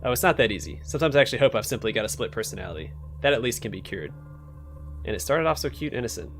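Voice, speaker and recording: A man's voice: mid-range voice, lively intonation, very fast, soft background music, lightly acted. A man voicing a shy, apologetic young woman in a game.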